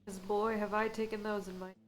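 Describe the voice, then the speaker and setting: A woman's voice: medium pitch, little pitch movement, brisk, faint music behind. A woman streamer chatting casually while she plays a game, giggling and joking about what she reads aloud. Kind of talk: casual live gameplay chat.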